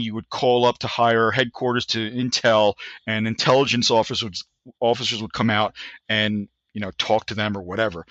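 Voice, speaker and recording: A man in his sixties telling a story as a podcast guest. He talks in an animated way, with frequent restarts, and acts out the voices of people he quotes. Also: mid-range voice, no room sound, highs cut off. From United States. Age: 60s. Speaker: guest, Army veteran. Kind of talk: anecdotal storytelling in a podcast interview.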